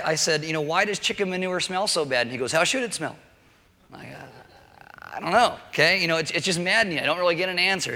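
A man's voice: fairly high pitch, sharp tone. A man preaching a casual sermon in a church hall, chatty, with joking asides and frequent check-ins with the congregation. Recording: long reverb of a large hall.

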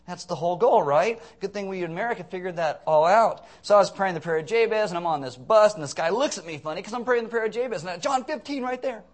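A man's voice: medium pitch, racing, hardly any pauses, fairly bright tone, natural voice. A man playing a self-pitying, comfortable churchgoer in a sarcastic, mock-earnest sermon bit.

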